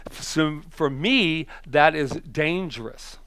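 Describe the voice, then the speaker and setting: A male minister giving a conversational sermon, telling stories that swing from emphatic to hushed. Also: fairly high pitch, slow, clean tone.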